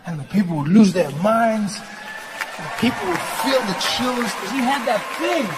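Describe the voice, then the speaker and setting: High-voiced man telling stand-up stories. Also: long reverb tail, noisy background. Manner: animated storytelling, often shouting punchlines. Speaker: stand-up comedian. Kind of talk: stand-up comedy set.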